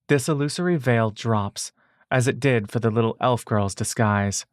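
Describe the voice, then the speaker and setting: A man narrating a fantasy adventure story in the second person, in a measured, steady way. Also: mid-range voice, no room sound, clean studio sound.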